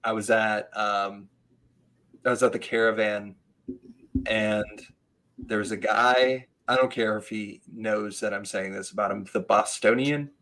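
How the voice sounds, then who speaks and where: A man in his thirties chatting casually, telling animated stories, laughing often and mimicking voices. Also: on the low side, measured pace, poor audio. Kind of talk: casual chat.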